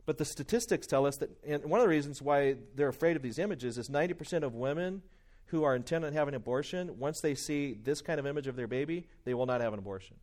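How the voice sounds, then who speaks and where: A man's voice: on the high side, quick pace. Man preaching an emphatic sermon. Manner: emphatic, repeats key points, varies loudness for stress.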